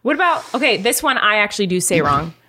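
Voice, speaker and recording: A young woman co-hosting a podcast in a playful, casual chat, laughing often and swooping high when excited. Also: quick pace, no echo, studio quality. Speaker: podcast co-host.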